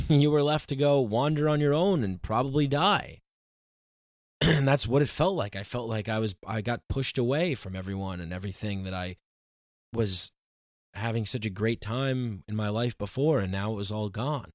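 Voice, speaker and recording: A man's voice: mid-range voice, moderate pace, no room sound, studio quality. A young man hosting a solo podcast, talking in a raw, rambling way with frequent restarts and swearing. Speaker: podcast host.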